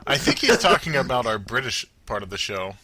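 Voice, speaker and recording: A man's voice: mid-range voice, big pitch swings, a little fast, bright, forceful tone, slightly rough, dry recording. A man co-hosting a podcast, teasing the others in upbeat casual chat. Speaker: podcast co-host.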